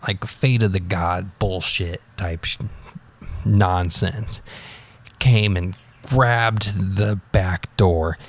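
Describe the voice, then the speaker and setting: A man's voice: sits low, fairly even intonation, drawn-out words. A young man telling a personal story in a rambling, offhand way, swearing freely. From United States.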